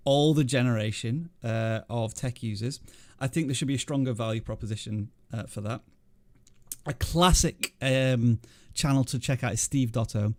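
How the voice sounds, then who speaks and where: A man's voice: mid-range voice, a little mellow, no echo. Jokey male livestream host, dry sound. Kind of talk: casual panel chat reviewing channels.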